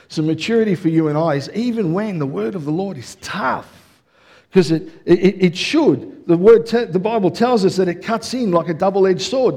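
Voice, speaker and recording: Lively high-voiced preacher. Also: male voice, slightly rough. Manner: energetic, conversational preaching with audience check-ins. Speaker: pastor. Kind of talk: sermon.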